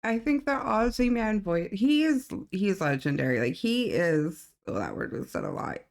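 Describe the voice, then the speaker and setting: A woman's voice: medium pitch, sing-song, normal speed. A woman in her thirties hosting a reaction video, chatty and confiding. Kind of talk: casual reaction commentary.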